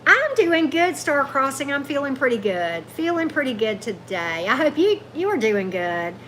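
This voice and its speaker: A chatty woman hosts a casual tarot livestream from a table at home. Her voice is getting hoarse from long talking, and she reads out viewers' comments and thanks them. Faint room noise sits behind her. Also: big pitch swings, moderate pace, a bit bright. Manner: chatty, reads out comments, calls her dog in a high coaxing voice. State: going hoarse. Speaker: tarot reader hosting a livestream. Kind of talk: casual live chat with viewers.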